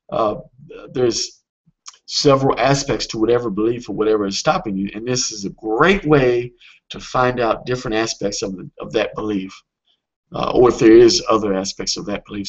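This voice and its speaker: A man coaching on a webinar in a casual, earnest way, often pausing with fillers and restarting his sentences. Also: medium pitch, lo-fi sound.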